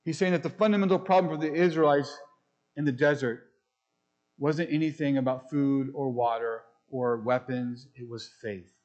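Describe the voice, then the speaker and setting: A man preaching a sermon as pastor, speaking emphatically, asking rhetorical questions and slowing down to read scripture. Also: medium pitch, fairly even intonation, darkish tone, highs cut off. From United States.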